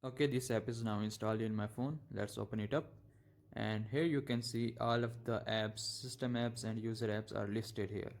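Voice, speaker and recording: A young man hosting a tech tutorial, narrating each step casually with halting, stumbling phrasing. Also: lowish voice, steady tone, vocal fry. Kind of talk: screen-recorded software tutorial.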